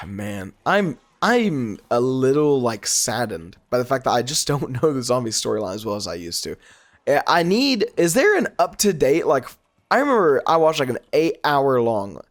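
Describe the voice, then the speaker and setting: A man with a cold and a stuffy, nasal voice, giving rambling gameplay commentary and getting sidetracked. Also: medium pitch. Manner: rambling, easily sidetracked, laughs often, voice jumps up in excitement. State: congested from a cold. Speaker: gaming YouTuber.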